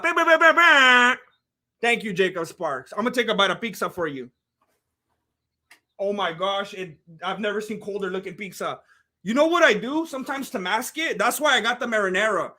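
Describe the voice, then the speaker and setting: Man, from California, high voice, bright tone, rambling livestream chat, lots of fillers. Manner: rambling, chatty, heavy on "like" and "you know". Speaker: livestream fight commentator. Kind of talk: casual livestream chat reading comments.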